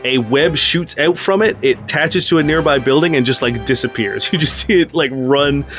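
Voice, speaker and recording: A man's voice: a little high, moderate pace, fairly bright tone, soft background music. A man running a tabletop game as game master, narrating loosely with many fillers.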